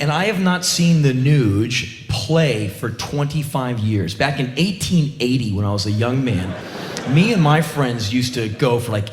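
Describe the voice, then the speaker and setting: Middle-aged guy doing sarcastic comic storytelling, voice all over the place, echoey room. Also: medium pitch. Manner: sarcastic, animated, profane. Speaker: spoken-word comedian. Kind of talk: comedic stage storytelling.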